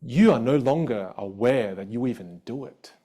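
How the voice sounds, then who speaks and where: Animated man coaching communication live. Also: normal speed. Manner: animated, acts out quoted voices with big pitch jumps. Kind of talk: live online workshop teaching.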